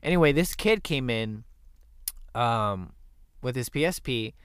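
A man's voice: mid-range voice, lively intonation, a little slow, a bit bright, clean tone, no echo, clean studio sound. A young man hosting a podcast, telling stories in a candid, profane, casual chat. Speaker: podcast host.

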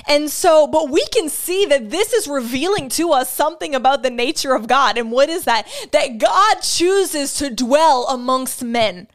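A young woman with a high voice delivers a heartfelt teaching sermon. She speaks earnestly and with emphasis, returning again and again to her key phrases. She draws on her own experience with open feeling. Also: lively intonation, unhurried, hardly any pauses. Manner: shares personal testimony with feeling. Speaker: Bible teacher.

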